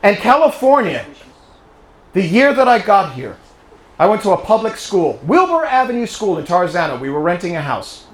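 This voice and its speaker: Speaking with a British accent, a man from England addresses a club audience in a private home, mixing storytelling and rallying with questions for the crowd. His high voice is very animated at a normal speed, and the room echoes around this live guest speech.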